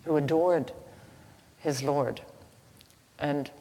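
A woman giving a slow, halting devotional teaching with a story, soft-spoken, recorded in an echoey hall with faint ambient noise. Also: deep voice, steady tone. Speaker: spiritual teacher.

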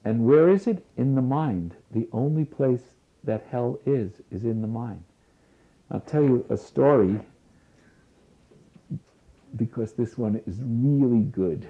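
A man with a gravelly voice gives a spiritual lecture, slow and deliberate, leaning on repeated phrases. The recording is thin and tinny, like a phone line. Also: medium pitch, lively intonation. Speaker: spiritual teacher.

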